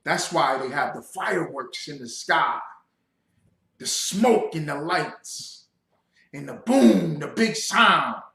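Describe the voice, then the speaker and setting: Male street-style preacher, high bright voice, roomy echo, shouts for emphasis. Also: lively intonation, slow, vocal fry. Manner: emphatic, builds to shouting, speaks to the audience. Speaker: religious teacher. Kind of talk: livestreamed sermon.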